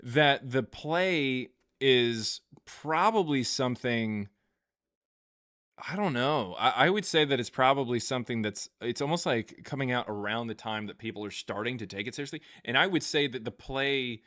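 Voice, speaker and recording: A man hosting a live stream, reading viewer questions aloud and answering in a halting, think-aloud way with many fillers and restarts. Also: mid-range voice, a bit bright, no echo, studio quality.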